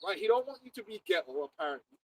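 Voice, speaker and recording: High, gravelly animated man. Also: rapid-fire, no room sound, rough recording. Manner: animated, laughing, repeats words. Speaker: preacher. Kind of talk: casual livestream chat.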